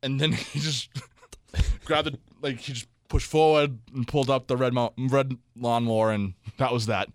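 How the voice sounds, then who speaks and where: A young man, co-hosting a casual chat show and telling a story with lively quoted voices and frequent laughter. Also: medium pitch, moderate pace, no room sound. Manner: animated storyteller, acts out quotes, laughs often. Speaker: podcast co-host.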